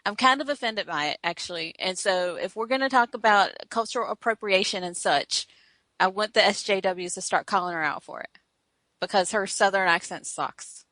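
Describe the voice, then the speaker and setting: Woman from the south, podcast co-host, opinionated, bright, dry room. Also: mid-range voice, normal speed, no echo. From American South. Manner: chatty, opinionated, laughs often. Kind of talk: casual chat.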